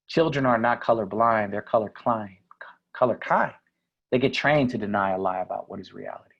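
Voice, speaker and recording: A man giving a conference keynote speech, energetic and asking the audience questions. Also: lowish voice, moderate pace, creaky, breathy edge, lo-fi sound. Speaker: keynote speaker.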